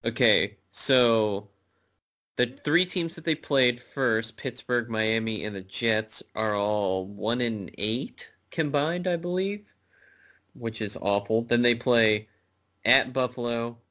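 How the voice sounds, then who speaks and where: A man's voice: medium pitch, expressive, takes it slowly, fairly bright tone. A man co-hosting a podcast in a casual sports chat, rambling and swearing freely. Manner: rambling, profane, says bro a lot. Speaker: podcast co-host.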